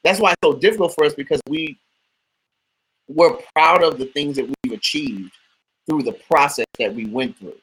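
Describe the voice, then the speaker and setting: A man's voice: a little high, normal speed, a bit bright, breathy edge, rough recording. A man co-hosting a casual podcast, thoughtful, with teasing questions for the others. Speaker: podcast co-host. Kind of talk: casual chat.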